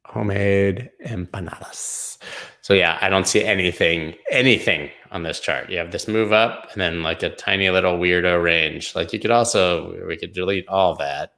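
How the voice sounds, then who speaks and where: A crypto show host talks loosely over price charts on a live stream, full of slang, asides, rambling, and hummed or sung snippets. His deep voice is bright and forceful, moving at a moderate pace with hardly any pauses.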